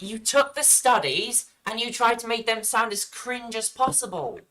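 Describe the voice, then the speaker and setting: A woman's voice: on the high side, normal speed, a bit bright, low-quality recording. A woman giving reaction commentary on a video, arguing back at the screen in an exasperated, argumentative way.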